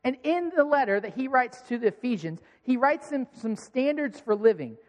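A man's voice: very high-pitched, expressive, normal speed, long reverb tail. A young man preaching a sermon as a pastor, telling personal stories in a conversational way and often repeating words as he restarts. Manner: conversational storytelling with frequent word repeats.

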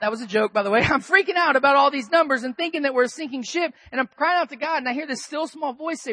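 A man preaching a sermon as pastor, conversational and animated, moving between soft asides and loud emphatic bursts. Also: extremely high pitch, fast, no room sound.

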